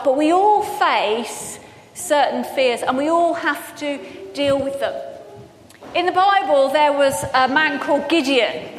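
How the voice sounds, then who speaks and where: Female preacher, high voice, earnest and personal, recorded in a reverberant hall. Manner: earnest, personal, shifts between projected and soft-spoken. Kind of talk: sermon. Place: church hall. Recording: hall reverb, faint background noise.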